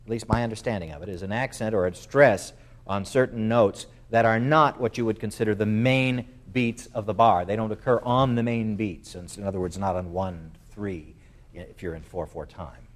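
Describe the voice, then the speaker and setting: A music clinician leads a masterclass in a fairly low voice at a moderate pace. He explains things at length, uses lots of fillers, and sings phrases on syllables to demonstrate.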